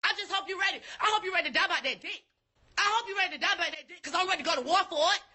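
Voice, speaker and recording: A woman voicing a brash, boastful heroine as a mocking parody, talking rapidly. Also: very high-pitched, bright, forceful tone, pitched above the performer's own voice. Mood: hyped. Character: cocky hyped-up woman, mocking book heroine.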